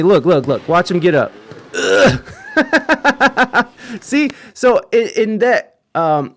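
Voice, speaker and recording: A man's voice: medium pitch, gravelly, no room sound, studio quality. A young man hosting a podcast, reading news aloud in a casual chat style and riffing with laughs and swearing. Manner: laughing, swearing, riffing between read lines. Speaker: podcast host.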